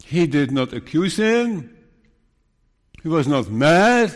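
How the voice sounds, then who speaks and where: Slow, earnest preacher man in echoing hall. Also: on the high side, lively intonation. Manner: earnest, measured Bible storytelling with pleading appeals. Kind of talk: sermon. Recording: long reverb of a large hall.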